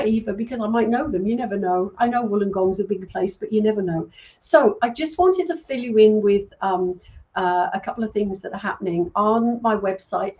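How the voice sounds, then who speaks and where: On a muffled recording, a middle-aged woman with a medium-pitched voice reads out viewer comments during her casual livestream as a psychic medium. English by birth and raised in Wales, she's chatty, warmly grateful, and full of ums.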